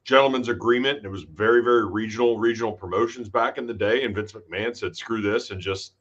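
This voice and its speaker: Low-voiced male co-host on a dull line. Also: steady tone, quick pace, a bit bright, slightly rough. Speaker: podcast co-host. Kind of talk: casual sports talk.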